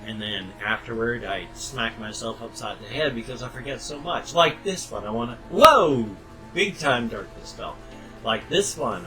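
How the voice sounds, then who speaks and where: An older man chatting casually to his webcam at home, rambling and tangential, with sudden loud bursts. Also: mid-range voice, poor audio. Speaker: vlogger.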